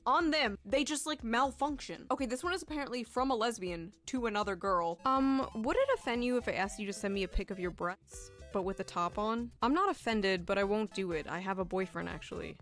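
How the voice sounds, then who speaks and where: A woman's voice: medium pitch, lively intonation, normal speed, fairly bright tone, soft background music. A woman reading out text messages and commenting on them with a dry, sarcastic delivery. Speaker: reaction video creator.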